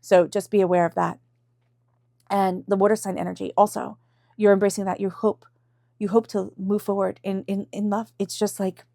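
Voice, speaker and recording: A woman's voice: medium pitch, level tone, moderate pace, gravelly, dark tone, dry recording, clean studio sound. A woman giving an intuitive tarot reading in a chatty, emotional way, full of fillers and asides. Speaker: tarot reader.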